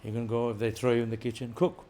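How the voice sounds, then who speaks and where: Animated man giving an informal talk. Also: mid-range voice, quick pace, slight background noise. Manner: animated, rising loud for emphasis, chuckling. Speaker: visiting speaker.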